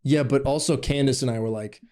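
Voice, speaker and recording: A man's voice: fairly quick, mellow. A young man co-hosting a casual podcast, rambling through stories, swearing freely and mimicking others. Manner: rambling storyteller, swears, imitates people in a higher voice. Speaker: podcast co-host. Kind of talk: casual chat.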